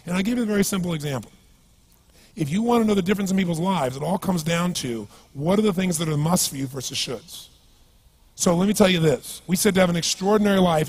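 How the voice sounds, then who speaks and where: A motivational speaker with a high, breathy-edged voice addresses a live seminar audience with energy and emphasis. He tells stories and throws rhetorical questions at the crowd.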